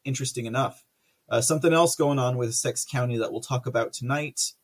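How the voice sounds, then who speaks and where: A man's voice: mid-range voice, fast. A man hosting a political livestream, chatting casually and rambling through viewer comments with lots of fillers and frequent laughter.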